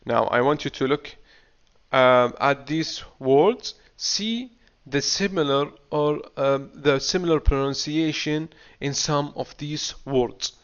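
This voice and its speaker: A man teaching an English class, drilling words slowly and often asking "what?" before answering his own question. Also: on the high side, clear, resonant tone. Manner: slow, deliberate drilling, asks himself "what?" and answers. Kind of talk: classroom lecture. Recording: dull lo-fi recording.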